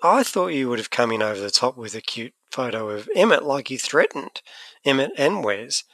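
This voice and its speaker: A man's voice: medium pitch, sing-song, moderate pace, fairly bright tone, no echo. A man co-hosting a podcast, chatting casually and animatedly, often restarting his sentences. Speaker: podcast co-host. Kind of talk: casual chat.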